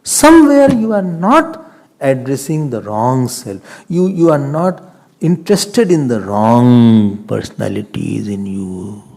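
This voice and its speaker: A man giving a spiritual discourse as a swami, animated and laughing often as he acts out everyday scenes. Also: mid-range voice, slow pace. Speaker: swami giving a scripture talk.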